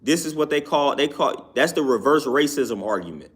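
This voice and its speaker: Emphatic higher-voiced man giving opinions. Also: animated, normal speed, husky. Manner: emphatic, repeats "you know what I'm saying". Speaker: YouTube commentator. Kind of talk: casual opinion talk.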